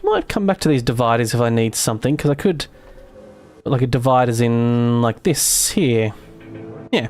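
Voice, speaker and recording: With soft music in the background, a mildly accented Australian streamer chats while building in a game, rambling, laughing readily and trailing off mid-sentence. His medium-pitched voice is expressive and a little mellow, and his pace is moderate.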